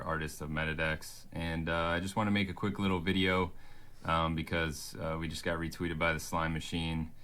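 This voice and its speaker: A man speaks straight to camera, stopping often on fillers as he explains himself. His voice is very low yet bright and forward. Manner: hesitant, filler-heavy. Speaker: NFT artist in a clip. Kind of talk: talking-to-camera explanation video.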